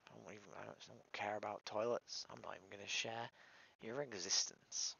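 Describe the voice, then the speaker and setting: A man's voice: fairly low pitch, fairly even intonation, normal speed, vocal fry, highs cut off, noisy background. A man streaming alone, upset and weary, venting his frustration in a despondent monologue that swears and trails off into mutters.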